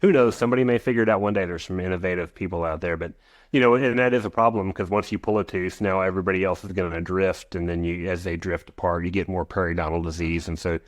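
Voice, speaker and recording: Deep-voiced man in his forties, rambling. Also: steady tone, quick pace, dry recording. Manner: rambling, frequent restarts and asides. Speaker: guest, equine veterinarian. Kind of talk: podcast interview.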